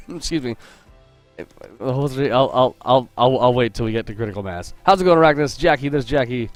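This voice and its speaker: Sketching on a livestream, this game artist chats casually, welcoming viewers and joking around, frequently cutting himself off. He speaks at a normal speed in an animated, medium-pitched voice, with faint music behind him.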